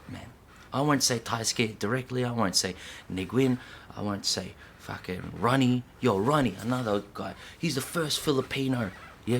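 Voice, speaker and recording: A man delivers an impassioned rant straight to camera, packed with swearing. He swings between loud, heated outbursts and low, hissed whispers, and his voice sits at an average male pitch. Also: gravelly. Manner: heavy swearing, repeats lines for emphasis. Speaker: breakdancer.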